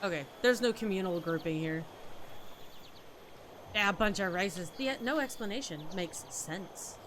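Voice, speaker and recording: A woman streamer playing a game, chatty and excited, swearing casually as she comments. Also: mid-range voice, unhurried, long pauses, slight background noise. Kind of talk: game let's play commentary.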